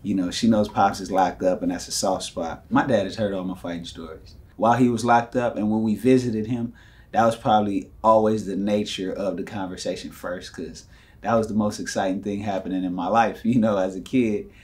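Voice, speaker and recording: A young man, telling lively stories to the camera and acting out voices and punches. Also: lowish voice, fairly quick. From United States. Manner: animated, acts out quotes and punches with sound effects. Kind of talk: casual storytelling.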